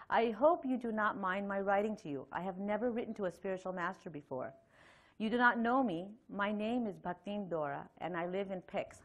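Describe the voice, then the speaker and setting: A middle-aged woman giving a Sunday temple lecture, talking conversationally with many fillers and reading a long letter aloud. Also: medium pitch. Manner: conversational, chatty with frequent fillers and light laughs; reads a letter aloud at length. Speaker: temple speaker.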